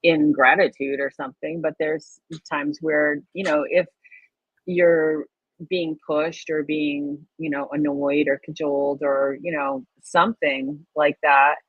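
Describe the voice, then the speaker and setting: A woman's voice: deep voice, flat delivery, unhurried, slightly rough, dry recording. A woman co-hosting a spiritual livestream in casual chat, talking with many fillers and frequent laughs over a video call. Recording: dry, phone-like sound.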